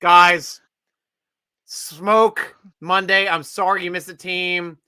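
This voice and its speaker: A man's voice: high voice, level tone, slow pace, bright, forceful tone, clear, resonant tone, no echo. A man hosting a casual sports draft show, joking and rambling, laughing often. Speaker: podcast host.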